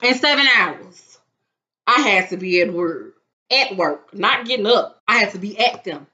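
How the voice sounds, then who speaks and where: Young woman, casual storytime vlog, bright voice, dull lo-fi recording. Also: mid-range voice, measured pace. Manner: animated, dramatic retelling with acted-out quotes. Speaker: vlogger. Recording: dull lo-fi sound.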